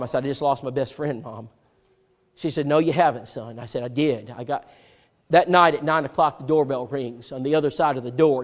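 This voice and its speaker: A man preaching a sermon, telling a personal story and acting out the dialogue, swinging from loud to hushed. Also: mid-range voice. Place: church sanctuary. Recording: long hall reverb.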